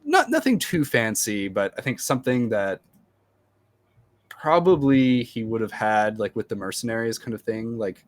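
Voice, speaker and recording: A man playing a tabletop game, speaking in a relaxed, halting way with many fillers. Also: mid-range voice. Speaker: player.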